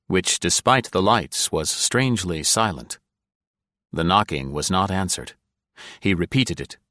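In a low voice, a man narrates an audiobook with measured, even storytelling. The studio-quality recording carries no room sound.

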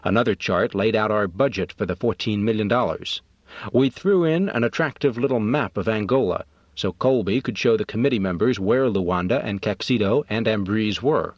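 A man narrating an audiobook in a measured, matter-of-fact way. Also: on the low side, no echo. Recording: dull, dry recording.

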